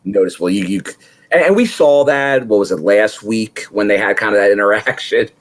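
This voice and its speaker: A man's voice: lowish voice, fairly quick. A man co-hosting a wrestling review podcast, giving thoughtful, rambling analysis. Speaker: podcast co-host. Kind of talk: casual wrestling review chat.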